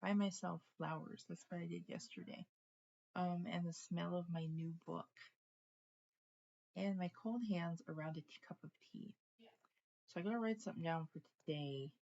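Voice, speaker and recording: A woman's voice: lowish voice, steady tone, normal speed, vocal fry, darkish tone, muffled recording. A woman in her forties talking casually and rambling from topic to topic in a home vlog. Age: 40s. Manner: chatty, rambling, easily sidetracked. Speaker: book vlogger. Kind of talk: casual chat.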